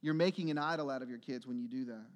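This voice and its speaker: A man's voice: medium pitch, fast. A man preaching a sermon to a church congregation, earnest and rising to emphatic exhortation. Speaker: pastor.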